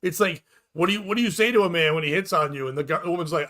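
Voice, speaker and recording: A man's voice: a little high, very fast, few pauses, fairly bright tone. A man hosting a comedy podcast, riffing sarcastically and profanely in casual chat and acting out quotes.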